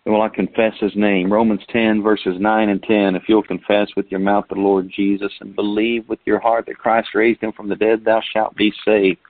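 A man's voice: on the low side, flat delivery, moderate pace, few pauses, no room sound. A man preaching a sermon, asking rhetorical questions and reading scripture aloud. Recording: tinny phone-like sound.

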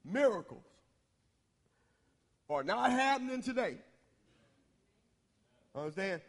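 A middle-aged man preaching a sermon, folksy and quick to laugh, often asking the congregation questions. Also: high-pitched, very animated.

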